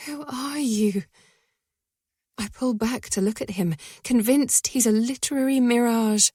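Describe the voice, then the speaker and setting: A woman narrating a first-person romance audiobook in a soft, breathy voice that often sinks to a whisper. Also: fairly high pitch, normal speed, no echo, studio quality.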